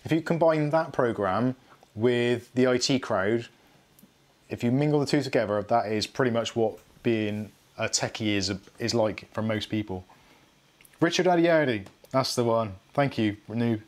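A man's voice: medium pitch, unhurried. A middle-aged man hosting a live tech stream, rambling and self-mocking as he goes through his tools. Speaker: tech channel host. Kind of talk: casual live unboxing chat.

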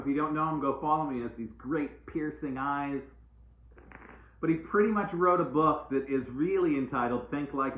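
A man giving a casual, playful live-stream oracle card reading, repeating uplifting phrases like mantras. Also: mid-range voice. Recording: echoey room, tinny phone-like sound.

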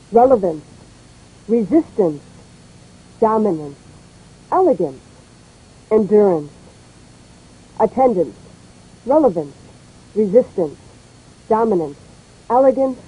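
A woman's voice: medium pitch, very animated, slow, long pauses, narrow, tinny audio. A woman reading lines in a scripted English pronunciation drill, saying each word and sentence twice. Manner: clear, repeats each word and line twice.

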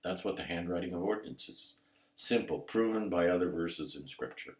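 A man preaching a sermon emphatically, building to loud, intense passages. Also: low-pitched. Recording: roomy echo.

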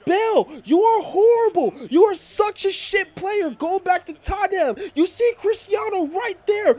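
A man impersonating a vain, boastful star footballer who yells and curses at his teammates. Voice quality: shrill, yelling. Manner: boastful, demanding, cursing.

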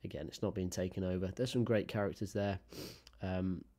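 Rambling young man with a dark voice. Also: low voice, steady tone, a little fast. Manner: rambling, swearing, frequent fillers. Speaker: gaming YouTuber. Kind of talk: casual chat to camera.

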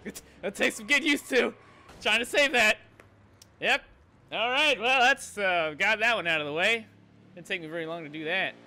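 A young man streaming a racing game, excitable and swearing, muttering to himself as he drives. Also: high-pitched, normal speed. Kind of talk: live gaming stream chat.

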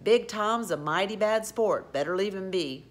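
A woman's voice: mid-range voice, normal speed, pitched above the performer's own voice, close to an everyday voice. A woman voicing a sly, giggling sailor man with a folksy, drawling way of talking.

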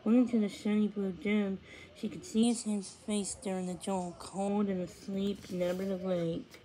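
A woman narrating a storybook read-aloud in a measured, expressive way. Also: mid-range voice, poor audio. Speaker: reader.

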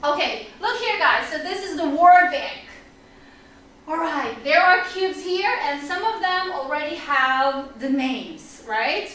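A woman teaching an online English lesson for children, energetic and upbeat, leading repeat-after-me drills. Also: sits high, slow pace, a little hiss or hum. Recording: echoey room, mic at a distance.

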